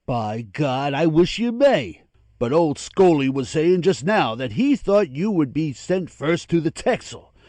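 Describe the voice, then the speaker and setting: An actor playing a loud, blustering older naval father in an audiobook dramatization, boisterous and swearing eagerly. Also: a little high, big pitch swings, unhurried, dry recording.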